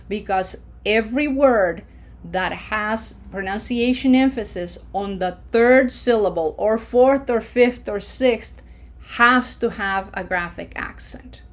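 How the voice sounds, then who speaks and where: A woman gives a recorded lesson at an ordinary middle pitch for her sex. She explains each rule patiently and in small steps, checking in with a quick "okay?" along the way. When she gives the example words, she says them slowly and loudly so they stand out. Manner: patient, explains step by step, asks "okay?" often. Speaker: Spanish teacher.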